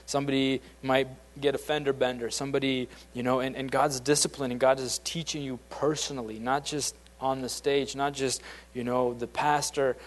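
A man's voice: mid-range voice, flat delivery, normal speed. A man giving an informal, conversational sermon, often restarting his sentences and acting out the voices he quotes. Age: adult, beyond his late teens. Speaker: preacher.

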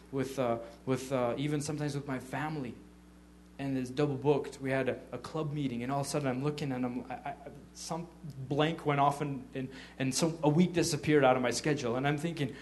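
A man giving an informal testimony sermon as a church leader, telling animated stories and acting out what people said, with frequent stammered restarts. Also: mid-range voice, a little hiss or hum. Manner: animated storytelling, acting out quotes.

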